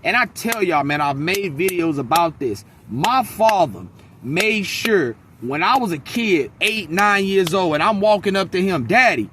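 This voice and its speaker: Outdoors in a wooded area near a freeway, a vlogger vents bluntly and with profanity in a casual monologue about his work day. His high-pitched voice is expressive, unhurried and fairly bright, with a little hiss or hum.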